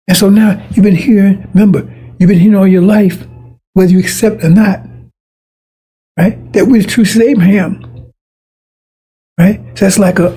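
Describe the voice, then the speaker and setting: A man with a high-pitched, gravelly voice preaches in a loose, rambling way. His tone is raspy and husky, and he hammers his points home with repetition. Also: dark tone. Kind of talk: informal sermon.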